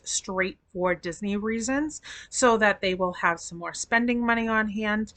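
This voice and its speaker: A middle-aged woman vlogs to camera in a rambling, chatty way, feeling sick with a sore throat and speaking affectionately to her viewers. Her mid-range voice sounds pushed and bright, with no room sound.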